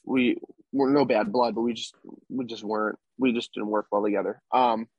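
Young male athlete guest, husky, casual rambling storyteller, dry close sound. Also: on the low side, steady tone, normal speed, no echo, highs cut off. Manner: rambling, tag questions like "right?". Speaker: podcast guest, baseball player.

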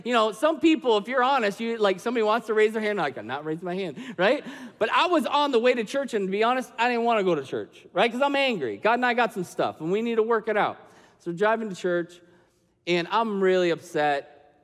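A male pastor delivers a sermon in a noticeably high voice, moving between loud, emphatic points and soft, hushed stretches. His words ring out with a long reverberation, as in a large church sanctuary. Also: expressive, a little fast.

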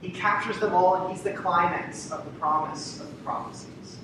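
A man preaching a sermon to a congregation, repeating key phrases for emphasis and asking rhetorical questions. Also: moderate pace. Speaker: pastor. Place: church sanctuary. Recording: very echoey hall, distant mic, rumble.

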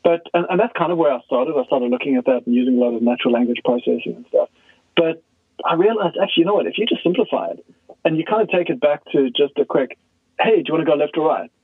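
A man as a guest expert, explaining in a casual, animated way and acting out quoted dialogue. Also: on the high side, quick pace, no room sound. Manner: animated storyteller who acts out quoted dialogue. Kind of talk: conversational podcast explanation. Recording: tinny phone line, dry.

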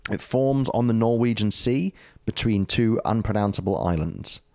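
A man with a New Zealand accent, his voice sitting a touch low. He talks in a loose, rambling way, trading jokes and laughing easily in casual podcast chat. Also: normal speed, darkish tone. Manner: rambling, jokey, laughs often.

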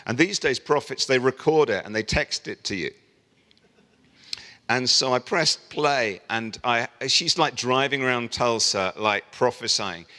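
A middle-aged man preaches, telling a story and acting out the voices of the people in it. His voice is bright and forward. It rings out with a long reverb, as if he stands in a large hall. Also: medium pitch, a little slow. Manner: storytelling, animated voicing of quoted people. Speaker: pastor. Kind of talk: sermon.

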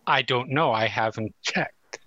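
A man's voice: medium pitch, unhurried, pushed and bright, no echo, muffled recording. A man playing in a tabletop game who makes dry, wry remarks. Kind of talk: casual in-character play.

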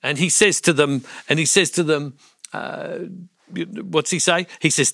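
A man's voice: a little high, measured pace, fairly bright tone, dry recording, studio quality. A man preaching a reflection on a Gospel passage, earnest, asking his listeners questions as he goes. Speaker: Catholic speaker.

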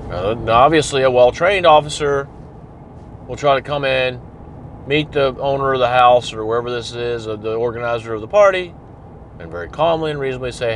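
A man's voice: medium pitch, brisk, noisy background. A man telling a story in a blunt, profane, conversational way. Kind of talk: casual storytelling monologue.

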